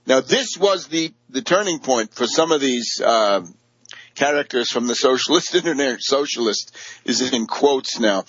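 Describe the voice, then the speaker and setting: A man's voice: medium pitch, no room sound, lo-fi sound. A man giving a combative, sarcastic political commentary, full of fillers and mocking quotes of opponents. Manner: mimics opponents in quoted asides.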